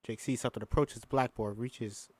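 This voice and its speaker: A man's voice: medium pitch, steady tone, fairly quick, a little mellow, no echo. A man casually reading a film script aloud, adding profane asides and stumbling over words. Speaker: host. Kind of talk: casual script read-through with commentary.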